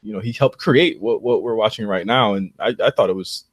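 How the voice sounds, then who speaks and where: A man's voice: lowish voice, brisk, dry recording, studio quality. A young man co-hosting a casual podcast, running down old wrestling matches in a laid-back way, with "dude" and "bro" here and there. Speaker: podcast co-host. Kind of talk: casual chat reviewing old wrestling shows.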